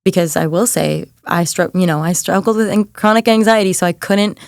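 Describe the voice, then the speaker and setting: Woman, young adult, podcast guest coach, low voice, chatty and encouraging, dry close sound. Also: a little fast, creaky, no room sound. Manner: chatty, fills with "like", earnest and encouraging. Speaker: guest, mindset and nervous system coach. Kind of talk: casual podcast chat.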